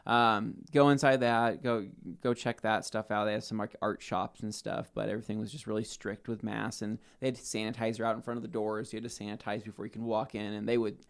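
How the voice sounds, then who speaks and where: Lowish, creaky yet smooth, his voice runs a little fast with hardly any pauses. This podcast co-host is deep in a long, casual story, performing the voices of the people he quotes.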